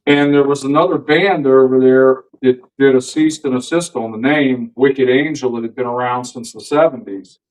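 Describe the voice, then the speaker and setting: A man who plays in a band, calmly explaining things in a casual interview. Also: mid-range voice, normal speed, few pauses, distant mic, poor audio. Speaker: band member, guest.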